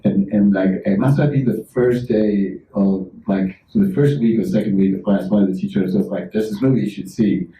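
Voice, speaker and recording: A man's voice: on the low side, fairly even intonation, moderate pace, few pauses, warm tone. A man from Uruguay, a panel guest talking frankly and conversationally, often restarting his sentences. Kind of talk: casual panel talk. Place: large hall at a public talk. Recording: dull, distant sound in an echoey hall.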